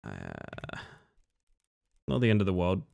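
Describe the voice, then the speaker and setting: Tired-sounding male streamer, lowish voice. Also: slow, creaky, slight background noise. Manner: relaxed, chatty, talks to chat between runs. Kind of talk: casual gameplay commentary.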